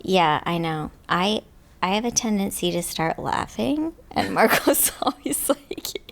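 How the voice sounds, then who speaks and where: A young woman guest in casual chat who laughs often and keeps agreeing with quick short replies. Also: mid-range voice, animated, gravelly. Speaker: podcast guest.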